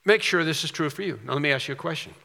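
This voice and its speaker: Bright-voiced preacher in a reverberant hall. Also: male voice, on the high side, racing, creaky. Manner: earnest preaching with rising emphasis and storytelling asides. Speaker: pastor. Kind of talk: sermon.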